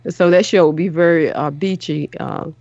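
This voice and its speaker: Earnest middle-aged woman, halting restarts. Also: fairly low pitch, fairly even intonation, darkish tone, no echo, highs cut off. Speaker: show host. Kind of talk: casual chat on a call-in show.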